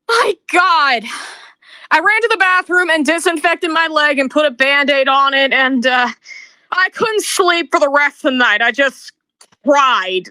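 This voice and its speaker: In an emotional rant vlog, a video creator with a very high, bright voice speaks straight to camera with bitterness and accusation. She talks slowly and stammers over her words, and the recording is dry and close with no room sound.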